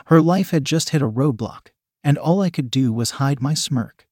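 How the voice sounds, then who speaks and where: A man reading a first-person story aloud in a calm, measured, coldly sly manner. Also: a little high, slightly rough, dry recording, studio quality.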